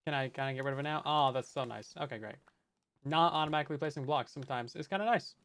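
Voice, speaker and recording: A man's voice: mid-range voice, quick pace, fairly bright tone. A man casually narrating his Minecraft building session, chatting and joking at his own expense as he plays. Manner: chatty, self-mocking, talks to chat while building. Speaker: Minecraft let's play host. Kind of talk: casual gameplay commentary.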